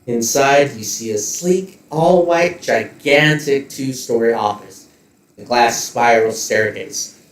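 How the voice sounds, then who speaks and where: A man running a tabletop game, walking through scenes in vivid detail and tossing in joking asides. He speaks at a middle pitch. The recording sounds roomy, with the mic a little distant. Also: slow pace. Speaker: game master.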